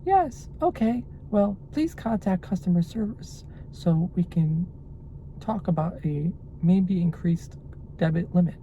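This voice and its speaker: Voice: mid-range voice, a little slow, warm tone, muffled recording, slight background noise, voice pushed up, natural voice. A vlogger putting on the voice of a polite female automated phone assistant, chirpy and overly courteous.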